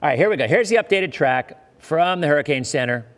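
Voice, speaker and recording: A man's voice: fairly high pitch, animated, brisk, a bit bright, in a large hall. A man hosting a live weather forecast, talking in a chatty way with joking asides to his viewers.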